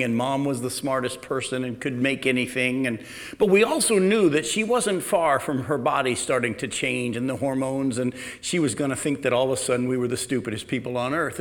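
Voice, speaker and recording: A middle-aged man preaching a sermon in a conversational, storytelling way, sometimes dropping to a quiet, low delivery. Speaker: pastor.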